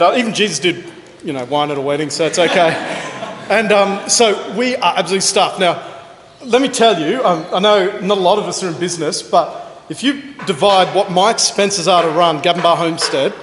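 A fairly high-voiced Australian man preaching in a church hall, his voice ringing back off the walls with a long reverb tail. His talk is chatty and joking, and he pokes fun at himself as he tells stories to the congregation. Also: a bit bright, a little hiss or hum. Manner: chatty, joking, self-deprecating. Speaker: pastor. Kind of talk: conversational sermon with anecdotes.

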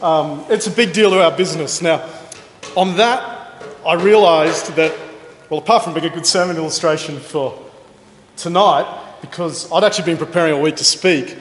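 A fairly high-voiced Australian man preaching in a church hall, his voice ringing back off the walls with a long reverb tail. His talk is chatty and joking, and he pokes fun at himself as he tells stories to the congregation. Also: moderate pace, a little hiss or hum. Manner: chatty, joking, self-deprecating. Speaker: pastor. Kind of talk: conversational sermon with anecdotes.

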